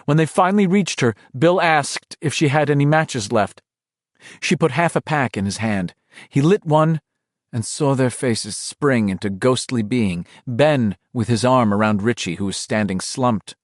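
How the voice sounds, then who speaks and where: A man's voice: medium pitch, normal speed, no echo, clean studio sound. A man narrating a horror novel as an audiobook, in a dramatic, varied reading.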